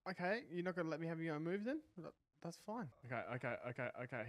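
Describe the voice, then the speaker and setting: A man commentates his own video game match in excitable bursts and swears freely when it goes wrong. His voice sits fairly high, and a faint hiss runs underneath. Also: fast talker. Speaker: gaming channel host. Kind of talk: live gameplay commentary.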